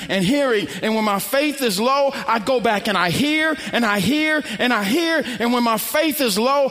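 A man's voice: very high-pitched, a bit bright, long reverb tail. A man preaching a sermon, telling a story with acted-out quotes and building to emphatic, repeated lines.

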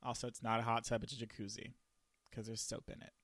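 A man's voice: medium pitch, little pitch movement, fast, fairly bright tone, no echo. A man co-hosting a podcast, recapping a reality show in casual chat with a crude, camp way of talking. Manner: crude, camp, recaps with bits of quoted voices. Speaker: podcast co-host.

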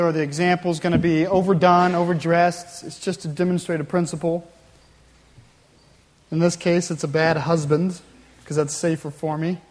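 A man's voice: fairly high pitch, a little mellow. A male pastor preaching a sermon in a conversational storytelling way, with wry asides. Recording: long hall reverb.

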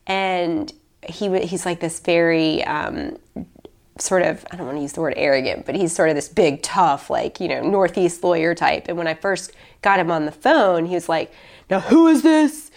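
A woman's voice: on the low side, normal speed, gravelly. A young adult woman talking casually and emotionally in a podcast conversation, full of "like" and restarts. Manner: heartfelt, many likes and restarts.

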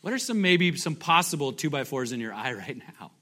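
The man preaching has a slightly high, bright voice with a forceful tone, fairly quick pacing and wide pitch swings. Chatting with his congregation, he asks them questions and acts out scripture in a joking, playful way.

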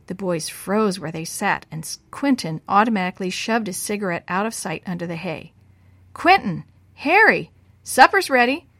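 A woman narrating a children's story, using lively voices for the boys' lines. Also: on the low side, a little fast, hardly any pauses, dry recording.

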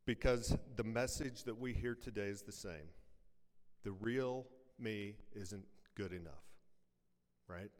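A pastor preaching a sermon to his congregation, firing off rhetorical questions and quick jokes, then dropping to a hush for weighty lines. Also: on the low side. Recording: long reverb, from a large church hall.

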